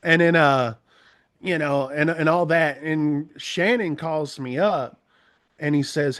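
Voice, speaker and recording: A man as an interview guest, telling stories in an animated, rambling way. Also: fairly high pitch, takes it slowly. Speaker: interview guest, trucking commentator. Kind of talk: conversational interview.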